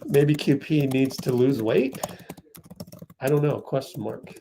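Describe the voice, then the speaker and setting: A man hosting a fan livestream, giving excitable live play-by-play and getting outraged at the referees. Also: mid-range voice, a little slow, vocal fry, a little hiss or hum.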